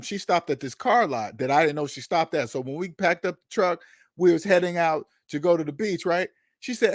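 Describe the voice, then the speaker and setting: Host, male, high-pitched and animated, dry close sound, profane storyteller who acts out quotes. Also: fairly quick, dry recording. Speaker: podcast host. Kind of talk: casual storytelling monologue. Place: Seattle.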